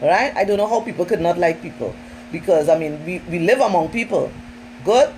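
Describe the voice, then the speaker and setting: A woman's voice: lowish voice, animated, a little fast, darkish tone, slight background noise, low-quality recording. A woman trainer giving an informal training talk in an emphatic, conversational way, often turning to her listeners directly.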